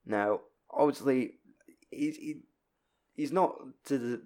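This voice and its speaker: A man's voice: medium pitch, slow pace, darkish tone. A man co-hosting a podcast in casual, rambling chat, often correcting himself. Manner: rambling, chatty, self-correcting. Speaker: podcast co-host.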